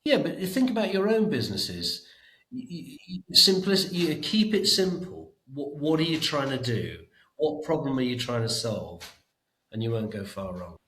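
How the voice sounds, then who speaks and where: Middle-aged guy on a podcast, bright forceful tone, roomy sound, stumbles over repeats. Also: mid-range voice, sing-song, moderate pace. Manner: emphatic, repeats words when thinking. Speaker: education trust chief executive, guest. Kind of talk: podcast interview.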